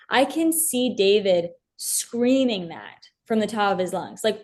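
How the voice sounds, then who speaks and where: A woman's voice: medium pitch, normal speed, few pauses, darkish tone. A young woman as an interview guest, talking earnestly and from the heart about her faith, with many fillers and restarts. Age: young adult.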